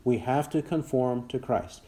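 A man preaching an expository sermon, reading scripture aloud and growing more forceful at its dramatic lines. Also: medium pitch, unhurried, a little hiss or hum.

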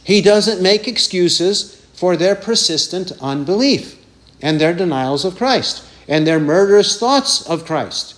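Emphatic high-voiced man preaching slowly. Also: animated, a bit bright. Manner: emphatic, repeats phrases, mimics taunting voices. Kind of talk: sermon.

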